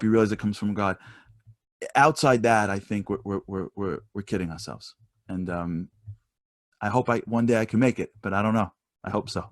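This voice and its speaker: Man, low voice, speaks quickly and animatedly with many restarts. Dry, close mic. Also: no room sound. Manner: fast, many restarts, voice rises when storytelling. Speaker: motivational speaker. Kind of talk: animated storytelling talk.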